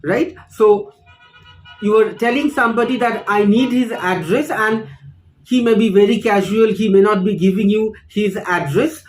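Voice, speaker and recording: A teacher, explaining phrases slowly and deliberately in an online lesson, repeating each example. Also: mid-range voice, low-quality recording. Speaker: English teacher.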